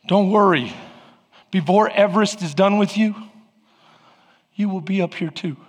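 A pastor preaching an impassioned sermon, shouting at peaks and acting out prayers. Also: male voice, high voice, a little slow, breathy edge. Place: church sanctuary. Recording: long hall reverb.

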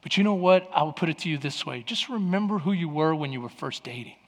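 High-voiced preacher in a reverberant hall. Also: male voice, fast. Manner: lively storytelling preacher, acting out quoted voices. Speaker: pastor. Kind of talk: sermon.

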